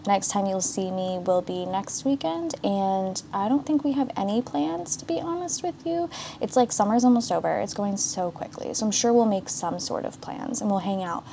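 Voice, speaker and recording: A woman's voice: mid-range voice, lively intonation, moderate pace, gravelly, warm tone, slight background noise. A young woman chatting casually to camera while getting ready at home, rambling with fillers and asides. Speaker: vlogger.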